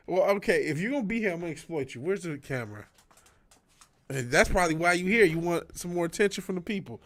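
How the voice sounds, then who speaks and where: A man's voice: fairly high pitch, expressive, fast, fairly bright tone, dry recording. A man livestreaming from his home music studio, chatting casually with plenty of slang and swearing, sometimes talking to his dog. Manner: laid-back, slangy, swears often; coaxing and scolding his dog. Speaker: music producer streaming live.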